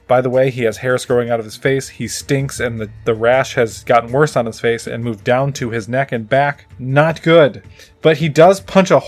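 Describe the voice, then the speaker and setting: A man's voice: medium pitch, moderate pace, faint music behind. A man casually recapping a movie in a rambling, profane way, with lots of filler words.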